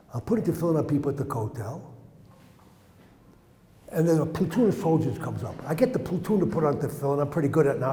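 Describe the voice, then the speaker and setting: A man's voice: fairly high pitch, dark tone, a little hiss or hum. A man giving an earnest storytelling lesson to a group of young men, acting out the dialogue in his stories. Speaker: religious teacher. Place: indoor room with young listeners. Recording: roomy hall reverb.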